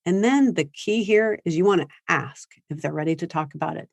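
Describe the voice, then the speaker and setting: A woman's voice: on the low side, fairly quick, gravelly, darkish tone, no echo. A woman giving a parenting seminar in a conversational way, acting out what teens and parents say. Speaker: parenting speaker. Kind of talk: seminar talk. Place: high school seminar.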